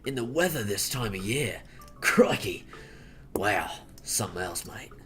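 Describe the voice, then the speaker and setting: Guy putting on a big goofy aussie tourist voice, fake australian accent, kinda low, over the top. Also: expressive, unhurried, fairly bright tone, faint music behind. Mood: hammy. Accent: put-on Australian. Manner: hammy, playful exclamations. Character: boastful male Australian tourist, exaggerated.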